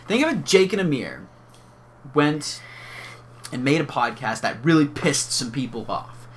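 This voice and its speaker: A young man co-hosting a podcast, chatting casually and jokingly, swinging between loud bursts and mumbling. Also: fairly high pitch, sing-song, unhurried, slight background noise. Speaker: podcast co-host. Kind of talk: casual chat.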